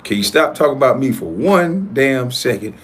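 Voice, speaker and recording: Husky man ranting with lively pitch. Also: normal speed. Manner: profane, combative, swings between loud and low. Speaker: YouTube show host. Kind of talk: heated ranting monologue.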